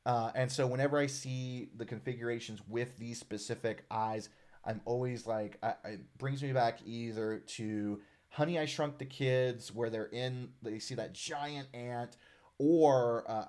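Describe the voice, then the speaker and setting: A man hosting a casual live stream, chatting loosely with many fillers and reading viewer comments. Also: lowish voice. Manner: relaxed, friendly, many "uh"s, reads viewer comments aloud. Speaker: live stream host, designer of a character art project.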